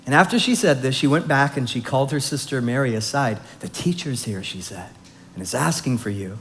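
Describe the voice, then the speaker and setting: A man teaching a Bible study, reading scripture softly and explaining it in an earnest, conversational way. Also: mid-range voice, lively intonation, fairly quick, slight background noise.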